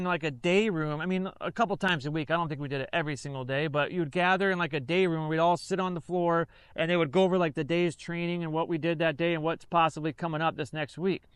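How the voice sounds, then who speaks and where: A man's voice: fairly high pitch, a bit bright, clear, resonant tone, no room sound. A man, an army veteran, casually telling a rambling story full of fillers and self-corrections.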